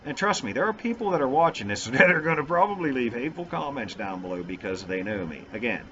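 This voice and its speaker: Fast-talking and very animated, a middle-aged man with a mid-range, bright, forceful voice rambles goofily about religion on his vlog, poking fun at himself. The recording has a dull, lo-fi sound.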